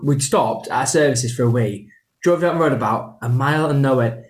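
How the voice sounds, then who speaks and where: A man's voice: mid-range voice, moderate pace, a little hiss or hum. A man with a Yorkshire accent co-hosting a podcast, chatting casually in jokey, rambling banter. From Yorkshire, England. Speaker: podcast co-host. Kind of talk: casual chat. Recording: echoey room.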